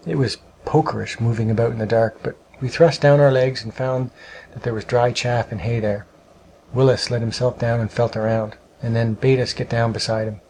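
A man narrating a storybook with a steady, measured reading. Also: mid-range voice, slight background noise, poor audio.

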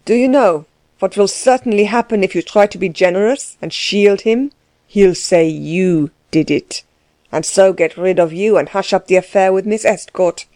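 A woman voicing a gruff, overbearing middle-aged man who questions people curtly and pushily in a storybook reading. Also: mid-range voice, moderate pace, dark tone, dry recording, lightly acted. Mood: menacing. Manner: curt, pushy questioning.

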